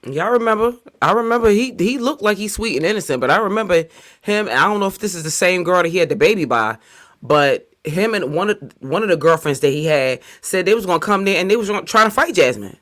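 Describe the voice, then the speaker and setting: Chatty man with a high voice. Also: animated, quick pace, bright, forceful tone. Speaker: commentator reacting. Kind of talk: casual chat.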